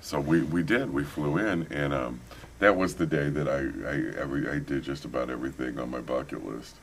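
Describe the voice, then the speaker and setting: A man's voice: very deep voice, fairly quick, slight background noise. A middle-aged man with a Midwestern American accent, telling stories in a casual interview and acting out the quotes. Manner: animated storyteller, many restarts, acts out quotes. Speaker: author and paranormal investigator. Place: paranormal conference hall.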